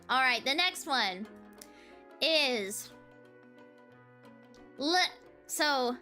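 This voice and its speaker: A young woman from the chats casually on a livestream. Her voice sits high and her pace is unhurried. She breaks into giggles between phrases. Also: pushed and bright. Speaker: streamer.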